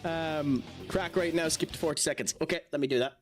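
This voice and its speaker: A man's voice: fairly high pitch, brisk. An Irish man streaming a video game, chatting with viewers, laughing often and swearing as he reacts. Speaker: gaming streamer. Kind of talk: live gameplay commentary chatting with viewers. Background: game music.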